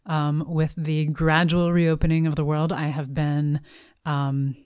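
A woman speaking as a podcast guest from her apartment, chatting in a measured, thoughtful way with frequent ums. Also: sits low, little pitch movement, darkish tone, clear, resonant tone, no room sound, studio quality. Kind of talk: casual chat. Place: home apartment.

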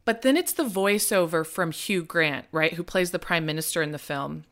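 Bright, enthusiastic woman podcaster. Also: on the low side, normal speed. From Nebraska, US. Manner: enthusiastic and expressive. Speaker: podcast co-host. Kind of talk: casual chat, movie review.

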